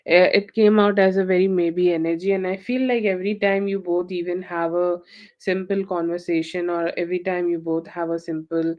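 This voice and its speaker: A woman with a fairly low voice reads tarot cards on a live stream. Her talk is loose and rambling, and she keeps dropping in "okay" and "you know" as she goes. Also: flat delivery, a little fast, dull audio. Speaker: tarot reader.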